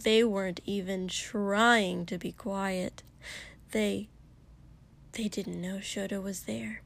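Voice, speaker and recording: A woman narrating fiction in a soft, hushed voice, often near a whisper. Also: mid-range voice, fairly even intonation, slow pace, vocal fry. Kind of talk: audiobook reading of fiction.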